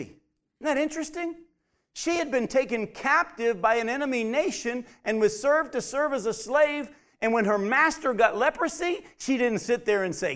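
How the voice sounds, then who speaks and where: A man preaching a sermon, shifting between loud emphatic high points and quiet low asides as he reads and explains scripture. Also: lively intonation, unhurried. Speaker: pastor.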